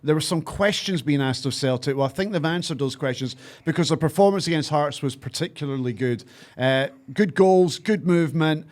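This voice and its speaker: A Scottish man hosting a football podcast, brisk and teasing, presenter-like in manner. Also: fairly high pitch, darkish tone. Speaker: podcast host.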